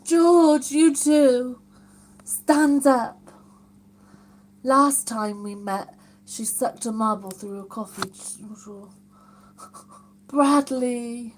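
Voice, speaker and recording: A woman's voice: a little high, drawn-out words, long pauses, a little hiss or hum. A woman hosting a casual live stream from home, reading viewer comments aloud and reacting with amused exclamations. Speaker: livestream host.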